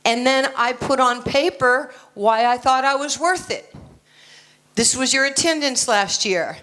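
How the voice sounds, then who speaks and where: A woman's voice: high-pitched, measured pace, a bit bright. An American woman in her sixties giving a motivational talk at a conference, blunt and confident with joking asides. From United States. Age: 60s. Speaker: keynote speaker. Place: conference stage, indoors.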